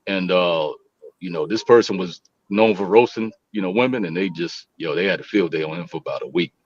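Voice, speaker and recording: A man from Virginia joining a casual online chat as a panelist, excitable and starting lines with "hey". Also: low-pitched, brisk, highs cut off.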